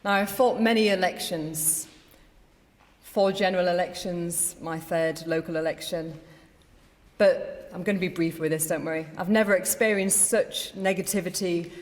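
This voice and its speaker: A woman's voice: fairly low pitch, steady tone, normal speed. A middle-aged woman, a newly elected mayor, giving an emphatic victory speech at a lectern in an election count hall. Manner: emphatic, rallying declarations. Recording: long reverb of a large hall.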